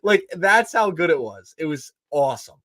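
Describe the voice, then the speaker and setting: A man co-hosting a casual sports chat, excitable and repeating himself for emphasis. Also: fairly high pitch, normal speed, dry recording. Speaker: podcast co-host.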